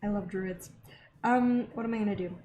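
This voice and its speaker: A young woman hosting an art channel, chatting casually and excitedly while she draws, rambling with lots of little gasps. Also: medium pitch, normal speed, a little hiss or hum. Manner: bubbly, easily excited, rambling. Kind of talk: casual chat while drawing.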